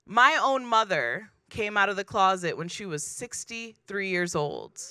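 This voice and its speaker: A woman performing a stand-up comedy set on a club stage, deadpan and self-deprecating, acting out the people in her stories. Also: mid-range voice, a little slow, clean tone.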